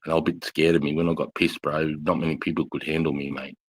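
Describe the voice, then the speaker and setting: A former army instructor with a very deep voice tells rowdy, rambling war stories in casual live chat, speaking fast and flatly, bluntly, and swearing constantly. The recording is rough, with no room sound.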